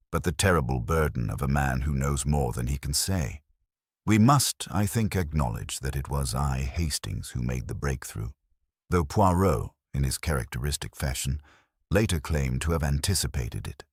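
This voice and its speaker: A man narrating a mystery story in the first person, measured, wry and formal. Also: extremely low pitch, husky, no room sound, clean studio sound.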